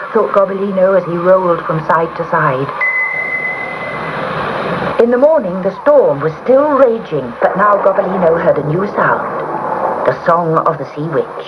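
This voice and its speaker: Expressive woman reading a storybook aloud. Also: fairly low pitch, a little slow. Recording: muffled recording with hiss.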